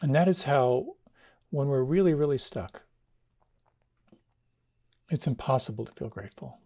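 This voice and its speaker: A man giving a dharma talk as a meditation teacher, speaking in a gentle, reflective way. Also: mid-range voice, expressive, unhurried, vocal fry. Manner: gentle, reflective, tells stories with quoted dialogue.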